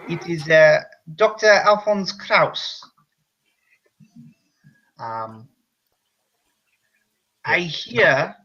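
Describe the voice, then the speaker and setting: A man's voice: fairly low pitch, bright, forceful tone, muffled recording, voice pushed down. A man voicing a scheming German doctor, slipping between French and German accents. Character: scheming male German doctor, captive in psych ward.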